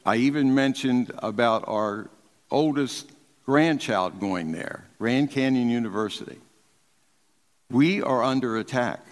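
A man's voice: medium pitch, unhurried. Older man preaching in a reverberant hall. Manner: emphatic preaching that swings from loud to hushed. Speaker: pastor. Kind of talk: sermon. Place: large church sanctuary.

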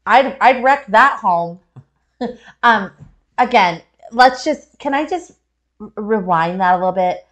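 A woman's voice: medium pitch, lively intonation, slow pace, a bit bright. A woman co-hosting a casual comedic reaction show, gushing and teasing with frequent laughs. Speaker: co-host reacting to concert footage.

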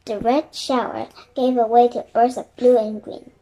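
High-voiced woman narrating a kids' chapter book aloud, gentle and quiet. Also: fairly even intonation, a little slow, a little hiss or hum, poor audio. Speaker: storybook reader.

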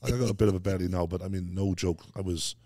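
A man's voice: low voice, quick pace, dark tone, no room sound, clean studio sound. A middle-aged Welsh man telling rambling stories as a podcast guest, dropping "mate" often. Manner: rambling, storytelling, peppers speech with "mate". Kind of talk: casual chat.

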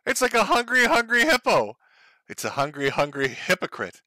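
A man's voice: extremely high pitch, sing-song, slow, long pauses, sharp tone, no echo. A man hosting a stream, giving mocking commentary over clips and laughing often. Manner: laughs often, sneering and gleeful. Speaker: streamer host.

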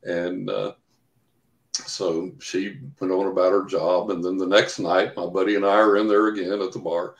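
A man's voice: low voice, flat delivery, moderate pace. An older man telling long anecdotes in an interview, full of fillers and acted-out quotes. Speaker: guest, psychic investigator. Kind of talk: storytelling in an interview. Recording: echoey room.

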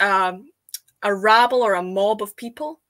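A woman's voice: medium pitch, measured pace, fairly bright tone, no room sound. A Scottish woman from Scotland chatting enthusiastically as a guest, laughing often. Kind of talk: casual video call chat.

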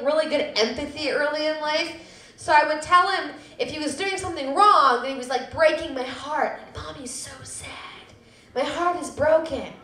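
A woman's voice: sits high, pushed and bright, roomy sound. A woman in her thirties telling a personal story live at a public storytelling event, self-deprecating with laughing asides.

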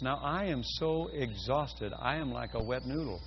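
An older man preaching a sermon, telling a personal story and building to loud, fervent exclamations. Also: mid-range voice, moderate pace. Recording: dull lo-fi audio with faint hum.

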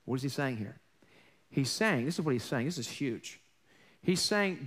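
A man preaching a sermon as a pastor, animated and acting out the voices he quotes. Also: medium pitch, moderate pace, long pauses.

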